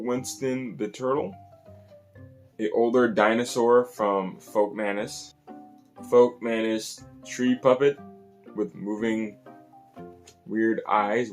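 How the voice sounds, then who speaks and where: A man hosting a casual tour of his puppet collection, in a chatty, animated way. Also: mid-range voice. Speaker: puppet collector and channel host.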